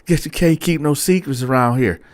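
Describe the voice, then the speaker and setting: A man's voice: a little high, brisk, dry recording, pitched above the performer's own voice, natural voice. A timid old male inmate, as a man puts him on talks in a lifted, thin register, tripping over his words and apologizing at every turn. The sound is close and dry, with no room around it. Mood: flustered. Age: older. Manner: stammering, apologetic, pleading.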